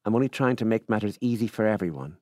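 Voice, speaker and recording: A wheedling middle-aged Irish farmer, put on by a man reading aloud, talking in a coaxing, affable, folksy way with a voice lifted and louder than the reader's own. The recording is dry and close. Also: fairly low pitch, lively intonation, fast talker, dry recording, voice pushed up, close to an everyday voice. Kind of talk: literary reading.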